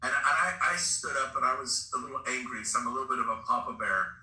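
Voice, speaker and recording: A man's voice: medium pitch, fast, bright, forceful tone. A middle-aged man giving a fired-up motivational talk on a group call, telling stories to push his listeners. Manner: fired-up, preachy storytelling. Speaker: real estate brokerage recruiter. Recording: echoey room, distant mic.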